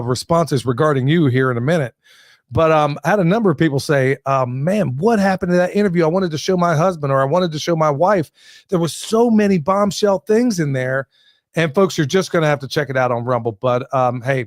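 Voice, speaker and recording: A man's voice: a little high, no echo, studio quality. A man hosting a podcast in a casual, joking way, laughing often and talking to his listeners. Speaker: podcast host.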